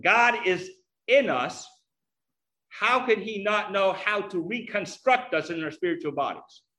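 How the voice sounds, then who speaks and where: Brief: man preacher, earnest teaching sermon, high bright voice. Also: animated, unhurried.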